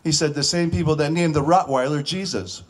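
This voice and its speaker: A man telling short stand-up jokes in a folksy way, with filler pauses and restarts. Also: a little high, a little hiss or hum. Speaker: comedian.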